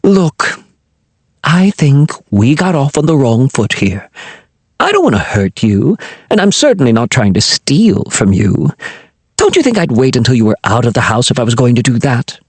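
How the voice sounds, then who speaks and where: A woman's voice: very deep voice, big pitch swings, moderate pace, darkish tone, slightly rough, dry recording, exaggerated voice. A man voicing a breezy, cocky sailor woman. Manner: breezy, teasing, reassuring. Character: cocky, brisk adult woman sailor, quick-witted. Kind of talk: audiobook character voice.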